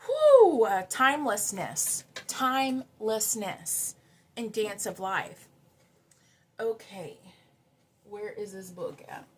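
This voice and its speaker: A woman's voice: mid-range voice, huge pitch swings, takes it slowly, pauses often, husky. A woman doing a spiritual tarot card reading for her viewers, earnest and emotional, repeating key words for emphasis. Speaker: tarot reader.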